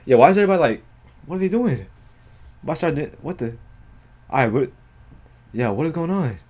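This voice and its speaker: A man hosting an anime reaction video, talking in excitable, slangy and profane casual commentary full of exclamations. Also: a little high, normal speed.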